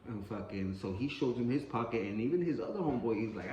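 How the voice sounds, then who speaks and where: A man's voice: mid-range voice, expressive, quick pace, a little mellow. A man telling a street story in a casual, rambling and profane way, often repeating himself. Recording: roomy echo, faint ambience.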